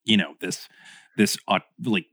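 A talkative man guesting on a casual podcast, eager and quick to act out quoted lines. His voice sits a little low, and the sound is dry and close with no room around it. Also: a bit bright, dry recording. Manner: talkative, enthusiastic, acts out quotes. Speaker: podcast guest, audio editor.

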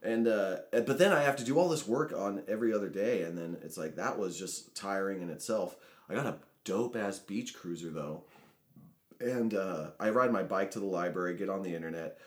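Animated man, low voice, echoey room. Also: normal speed. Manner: animated storytelling with shouted quotes and laughs. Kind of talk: casual podcast chat.

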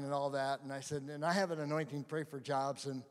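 Animated man preaching in a reverberant hall. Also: medium pitch, brisk. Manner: animated, laughing storyteller. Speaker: pastor. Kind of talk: sermon storytelling.

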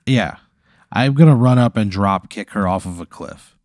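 A man's voice: lowish voice, expressive, normal speed, darkish tone, dry recording, studio quality. Exasperated, swearing man in comic banter. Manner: exasperated, profane. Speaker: podcast co-host. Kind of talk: casual comedic banter.

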